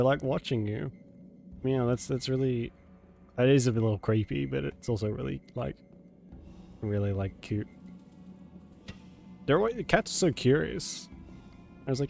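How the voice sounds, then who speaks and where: A man's voice: medium pitch, animated, measured pace, creaky, pauses often, a little mellow, soft background music. A man chatting casually while streaming a game live. He laughs often and keeps saying meow. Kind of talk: casual live gameplay chat.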